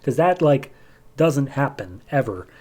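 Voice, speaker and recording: A man's voice: mid-range voice, sing-song, a little slow, darkish tone, husky. A man voicing a brash, jokey male superhero in a casual comic recap. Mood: cocky. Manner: casual, offhand paraphrase.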